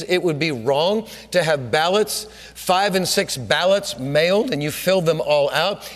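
A man preaching a sermon in an emphatic, repetitive way that builds to shouting. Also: high-pitched. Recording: hall reverb.

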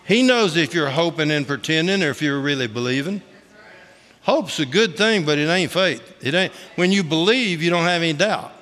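A middle-aged man preaching a testimony sermon in a high, bright voice. He talks in a folksy, joking, colloquial way. His voice rings with the long reverb of a big hall. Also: lively intonation, moderate pace. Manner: folksy, humorous storytelling; colloquial Southern-style grammar, "ain't".

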